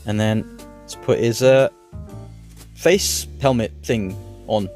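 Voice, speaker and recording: Low-voiced man reviewing a toy. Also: slow, soft background music. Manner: relaxed, rambling, hesitant fillers. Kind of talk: casual product review.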